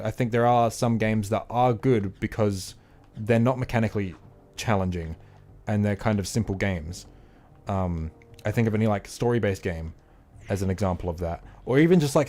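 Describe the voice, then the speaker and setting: A man's voice: lowish voice, darkish tone. Guy streaming a game, rambly and opinionated, says like a lot, swears here and there. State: out of breath. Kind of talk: casual gaming livestream chat.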